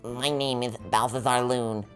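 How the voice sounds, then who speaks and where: A man's voice: mid-range voice, steady tone, measured pace, a bit bright, clear, resonant tone, faint music behind, lightly acted. A man voicing a fussy, formal male balloon impresario in a video game.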